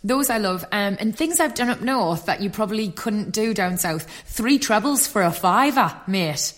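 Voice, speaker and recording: A woman's voice: medium pitch, lively intonation, normal speed. Frank, swearing Geordie woman. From Newcastle, England. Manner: frank, swears freely, laughs while talking. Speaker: podcast guest. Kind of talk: casual interview chat.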